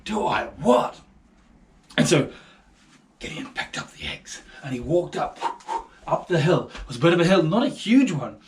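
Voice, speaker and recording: Animated, lively New Zealand male storyteller. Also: fairly high pitch, normal speed, slight background noise. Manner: animated, casual, playful. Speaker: children's ministry storyteller. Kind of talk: storytelling for children.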